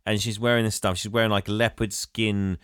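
A man's voice: lowish voice, flat delivery, a little fast, fairly bright tone, smooth, no room sound. Chatty man recapping a film. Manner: laughs often, acts out characters in exaggerated voices. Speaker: podcast co-host. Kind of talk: casual film recap chat.

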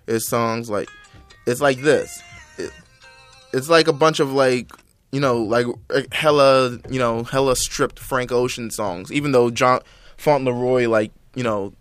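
A man's voice: medium pitch, fairly even intonation, a little slow, fairly bright tone, smooth, no echo. Young man in loose profane music chat. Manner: loose, profane, many fillers. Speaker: podcast co-host.

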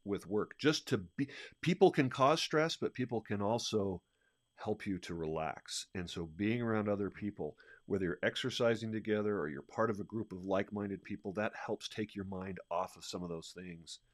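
A man co-hosting a podcast, telling stories in a high-energy, animated way and laughing often. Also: no room sound, clean studio sound. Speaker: podcast co-host. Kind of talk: casual podcast conversation.

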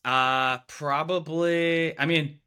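A man's voice: fairly high pitch, steady tone, slow pace, bright, forceful tone, smooth. A young man casually telling a story in a podcast chat, loose and filler-heavy, with lots of "like" and "you know". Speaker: videographer, podcast co-host.

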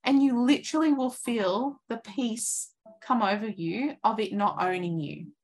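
A woman in her thirties giving an earnest, encouraging coaching talk, acting out inner thoughts in lively voices. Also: on the high side, measured pace. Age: 30s.

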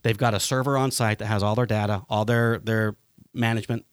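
A man hosting a podcast, telling stories in a lively way and swearing freely. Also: lowish voice, fairly quick, smooth, no room sound, studio quality. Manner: animated storytelling, swearing freely. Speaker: podcast host. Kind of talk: casual podcast chat.

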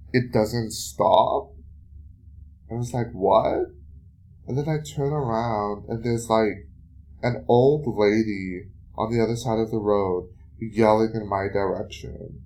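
Podcast host, male, low voice, slow unhurried delivery. Casual solo monologue full of fillers and swearing, exasperated. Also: a little mellow. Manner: swears often, with many fillers; venting and exasperated storytelling.

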